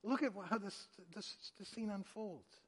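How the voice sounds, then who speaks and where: Male pastor, fairly high-pitched, dramatic sermon delivery in an echoing hall. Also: measured pace. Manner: dramatic, acting out quotes with sharp swings in loudness. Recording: long hall reverb.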